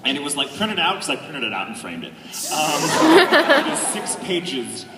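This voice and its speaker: Voice actor guy on a con panel, animated, roomy echoey sound with some noise. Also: a little high, moderate pace. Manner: animated storyteller, laughs often. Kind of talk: casual anecdote to a live audience. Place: large convention hall. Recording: echoey hall, distant noisy mic.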